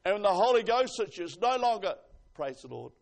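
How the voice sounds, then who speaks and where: A man preaching a sermon, swinging from hushed asides to loud exclamations and reading scripture slowly with emphasis. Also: high-pitched, sing-song, gravelly.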